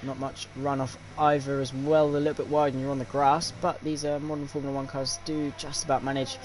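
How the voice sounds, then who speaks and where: A young man commentating a sim racing league stream, with many fillers and pauses. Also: mid-range voice, flat delivery, a little mellow, a little hiss or hum. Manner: filler-heavy, hesitant play-by-play. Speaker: lead commentator.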